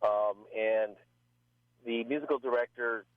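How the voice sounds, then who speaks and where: A man being interviewed as a guest musician, speaking in a relaxed, hesitant way with many fillers. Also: mid-range voice, unhurried, smooth, dry recording. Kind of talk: casual interview chat. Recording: tinny phone line.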